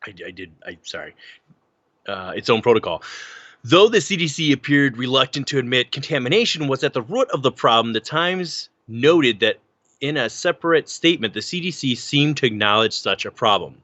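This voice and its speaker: A man of medium pitch and normal speed co-hosts a casual podcast, recorded dry and muffled. Animated, he chats and reads articles aloud, stumbling over words as he goes.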